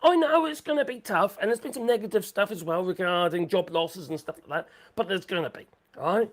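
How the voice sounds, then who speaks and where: Woman, live-stream host, chatty and excitable, sweary, very lively pitch. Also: brisk. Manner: excitable, swears freely, laughs a lot. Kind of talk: rambling live-stream chat.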